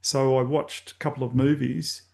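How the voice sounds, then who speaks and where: Older Australian man, gravelly mid-range voice, candid and rambling storyteller with loose filler words. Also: mid-range voice, flat delivery, normal speed. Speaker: podcast host guest. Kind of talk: casual storytelling interview.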